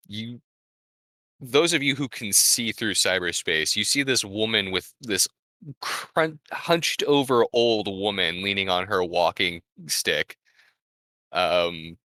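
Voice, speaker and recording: A man narrating as game master of a tabletop game, slow and full of ums. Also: low voice, sharp tone, no echo.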